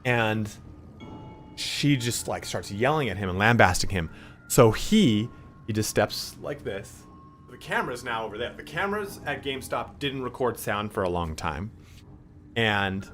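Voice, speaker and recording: A man's voice: on the low side, lively intonation, measured pace, a bit bright, a little hiss or hum. Profane rambling male streamer. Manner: acts out voices in his stories. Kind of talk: casual chat while gaming.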